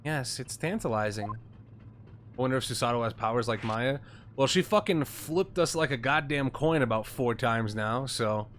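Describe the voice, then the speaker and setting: A man commenting on a game during a live stream, casual and joking, swearing freely. A steady hiss of background noise sits under his voice. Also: medium pitch, normal speed.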